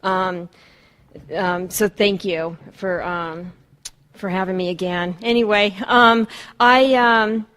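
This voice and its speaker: A woman's voice: mid-range voice, steady tone, takes it slowly, fairly bright tone. A woman in her fifties from Southern California tells her life story at a recovery meeting, hesitant and full of ums, with wry humor. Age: 50s. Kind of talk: personal storytelling talk.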